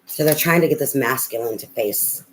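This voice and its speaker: A woman's voice: extremely low pitch, moderate pace, a little hiss or hum, poor audio. A woman tarot reader on a live reading, talking bluntly and profanely in a rambling, ranting way with many fillers.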